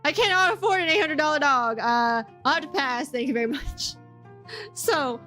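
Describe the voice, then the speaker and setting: A woman's voice: sits high, expressive, normal speed, sharp tone. A young woman streaming from home, chatting with her viewers in a bubbly way and laughing often. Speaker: game streamer. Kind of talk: casual chat with stream viewers. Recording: faint background music.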